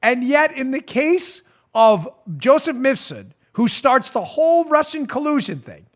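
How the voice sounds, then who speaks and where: A man hosting a political talk show, sarcastic and laughing, swinging from loud jabs to hushed asides. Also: extremely high pitch, very animated, unhurried. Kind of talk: animated political commentary.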